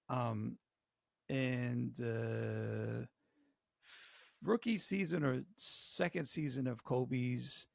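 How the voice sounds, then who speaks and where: A middle-aged man spins a story on a podcast in a lively, slang-heavy way. His voice is gravelly. The sound is close and dry. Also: medium pitch, no echo. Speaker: podcast co-host.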